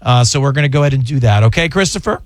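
A man hosting a talk radio call-in show as a criminal lawyer, hoarse from losing his voice, chatty and fond of quick jokes. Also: medium pitch, animated, no room sound. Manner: chatty and jokey, with quick asides. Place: radio studio. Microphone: studio microphone.

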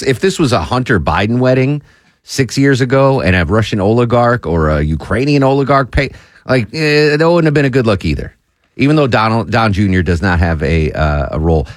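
A male radio host in his forties with a low voice that swings widely in pitch as he tells stories. His talk is loose and rambling, full of restarts. The sound is dry and close to a studio mic. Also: dry recording. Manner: animated storyteller, rambling with restarts. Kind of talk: casual talk radio banter.

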